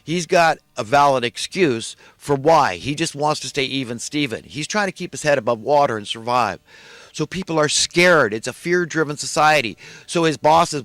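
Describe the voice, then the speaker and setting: A man's voice: a little high, moderate pace, fairly bright tone, no room sound. A man delivering an impassioned, indignant monologue, ranting and repeating himself as he builds his points. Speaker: online commentator.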